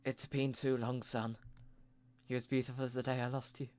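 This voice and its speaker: A man voicing a sentimental fatherly panda company chief, soft and low. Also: flat delivery, normal speed, lightly acted. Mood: tender.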